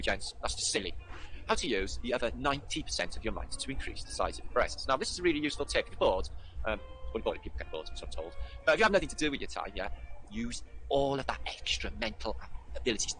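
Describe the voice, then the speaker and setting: A man hosting a casual livestream, talking in a sweary, sardonic and animated way. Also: fairly low pitch, poor audio. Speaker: livestream host and author.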